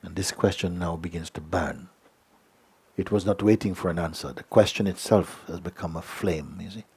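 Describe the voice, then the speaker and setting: A middle-aged man gives a gentle satsang talk in a low, deep voice. His tone is husky and a little rough. He speaks unhurriedly, keeps asking "you see?" and "hmm?", and now and then drops to a near-whisper. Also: normal speed. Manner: drops to a soft whisper at times. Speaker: spiritual teacher. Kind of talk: satsang talk answering a letter.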